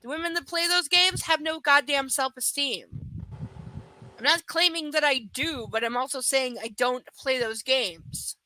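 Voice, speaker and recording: A woman's voice: high-pitched, unhurried, sharp tone, low-quality recording. A woman reading a romance novel aloud to a live audience, breaking off for frank, profane asides. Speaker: live book reader. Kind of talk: live reading with blunt commentary.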